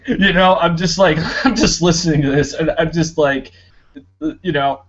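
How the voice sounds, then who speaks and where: Man, casual podcast chat, storytelling, fillers and laughs, slightly high voice, muffled lo-fi sound. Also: moderate pace, fairly bright tone. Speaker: podcast host.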